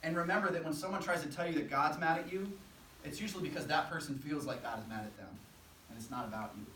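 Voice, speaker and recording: A man's voice: a little high, fast talker, fairly bright tone, slight background noise. A young man preaching a sermon, earnest and conversational, acting out quotes as he goes. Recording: echoey room, from a distance.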